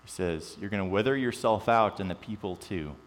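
A man preaching a sermon, animated and joking at times, then dropping to quiet emphasis. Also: on the low side, fairly quick. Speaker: pastor. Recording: long reverb with mains hum.

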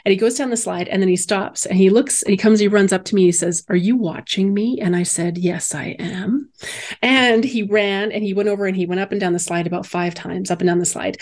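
A woman's voice: mid-range voice, steady tone, fast talker, few pauses, a little mellow. A bereaved mother in casual conversation, telling a personal story with animation and acting out the voices of the people she quotes.

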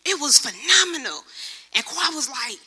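A young woman giving a lively testimony sermon, acting out other people's voices as she tells her story. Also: high-pitched, moderate pace. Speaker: church speaker.

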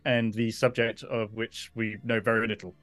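A player in a tabletop game who speaks in a lively, hesitant way over faint music. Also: mid-range voice, moderate pace. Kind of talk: casual chat.

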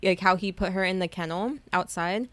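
A woman's voice: fairly low pitch, normal speed, heavy background noise. A young woman co-hosting a podcast, telling stories in casual chat with lots of "like" fillers and some swearing. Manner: animated storyteller, fillers of "like", swearing. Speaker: podcast co-host.

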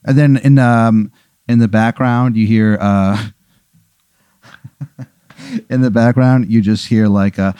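A man running a tabletop game as game master, narrating in an animated, rambling, profane way. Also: on the low side, takes it slowly, pauses often, clear, resonant tone, no echo, studio quality. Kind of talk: improvised storytelling of a tabletop game.

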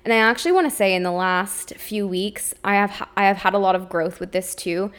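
A woman's voice: mid-range voice, fairly quick. Young woman on her own podcast, open and emotional, says like a lot. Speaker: podcast host. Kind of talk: candid solo podcast monologue.

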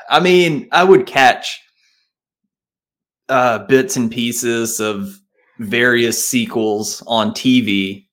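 A man's voice: mid-range voice, drawn-out words, long pauses, a bit bright. A man with a Southern accent, co-hosting a podcast in a laid-back, rambling casual chat. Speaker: podcast co-host.

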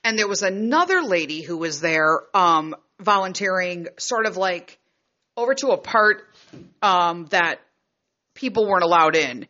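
A woman's voice: fairly low pitch, animated, a little slow, bright, forceful tone, muffled recording. A middle-aged woman and mother telling a personal story in a frank, heated and profane way. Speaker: vlogger and mother. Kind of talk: casual storytelling.

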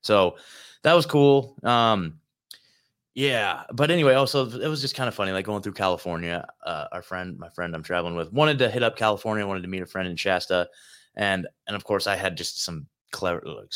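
Guy with a lowish voice rambling about his trip, lots of likes and dudes, cursing here and there. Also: a little fast, a bit bright. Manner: rambling, peppered with filler and swearing. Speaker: host. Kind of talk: casual rambling monologue. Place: hotel room.

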